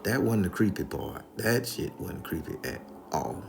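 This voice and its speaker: A man's voice: sits low, animated, moderate pace, gravelly, noisy background. A man telling a spooky story casually and profanely, addressing the listeners directly. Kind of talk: comedic spoken storytelling.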